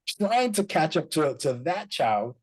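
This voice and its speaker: Animated man, husky voice. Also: a little high, unhurried, rough recording. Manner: animated storyteller, acts out quotes. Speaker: guest speaker. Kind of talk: casual chat, code-switching.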